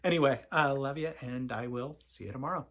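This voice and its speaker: A father giving a gentle, reflective bedtime Bible reading and talk to his child. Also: medium pitch, fairly quick, a little hiss or hum. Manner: soft-spoken, gentle, reflective.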